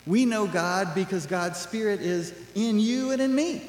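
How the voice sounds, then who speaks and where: A male pastor preaching a sermon in a relaxed, conversational way, full of asides. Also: high voice, unhurried. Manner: conversational, animated, acts out quoted voices with laughs. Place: church sanctuary. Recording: echoey church hall.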